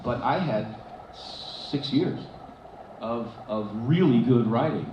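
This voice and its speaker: A man answering fan questions on a convention stage, telling lively stories with many restarts and frequent laughs. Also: mid-range voice, takes it slowly. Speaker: convention panel guest. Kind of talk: casual stage Q&A storytelling. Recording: echoey hall, dull, noisy fan recording.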